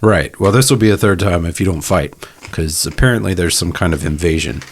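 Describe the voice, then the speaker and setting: Low-voiced man playing a tabletop game. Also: brisk. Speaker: player.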